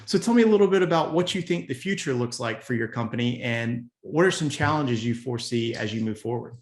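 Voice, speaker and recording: A man's voice: mid-range voice, lively intonation, brisk. A man, a business coach, interviewing a guest with encouraging, affirming replies. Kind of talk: interview questions. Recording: roomy echo.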